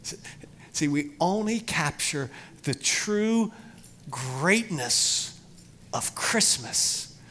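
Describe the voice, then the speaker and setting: A middle-aged man preaching a sermon to his congregation, emphatic, rising loud for emphasis and then dropping low. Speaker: pastor.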